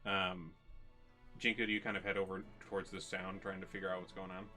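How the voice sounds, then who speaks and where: A man narrating a tabletop game as game master, in a halting way with many ums and restarts. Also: low voice, level tone, pushed and bright, soft background music.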